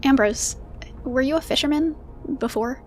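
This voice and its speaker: A woman's voice: sits high, moderate pace, slight background noise, close to an everyday voice. An actress playing a restless, unsure young woman, speaking hesitantly. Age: young adult. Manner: hesitant, self-doubting.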